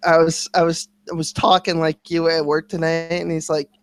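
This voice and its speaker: A man co-hosting a casual podcast livestream, venting and ranting with constant cursing at a quick, animated clip. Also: fairly high pitch, no echo. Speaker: podcast co-host.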